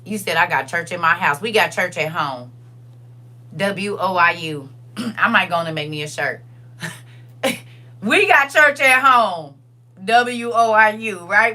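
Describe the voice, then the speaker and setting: Older lady hosting a live stream, bright forceful voice, chatty and emphatic, keeps repeating herself. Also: mid-range voice. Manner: chatty and emphatic, repeats phrases, reads viewer comments aloud. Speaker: livestream host. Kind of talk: casual livestream chat with viewers.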